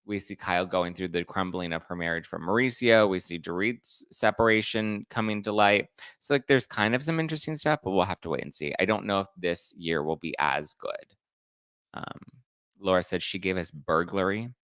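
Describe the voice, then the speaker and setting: A man's voice: low voice, moderate pace, a bit bright, clear, resonant tone, no room sound, studio quality. A man hosting a live pop culture chat, reading viewer comments and acting out quotes in a chatty, camp way. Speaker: host.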